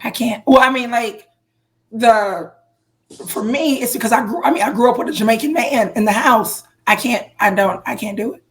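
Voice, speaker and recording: A woman's voice: a little high, moderate pace. A woman co-hosting a casual music podcast, telling stories with lots of fillers and restarts. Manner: animated storyteller, frequent fillers and restarts. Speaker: podcast co-host. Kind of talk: casual chat.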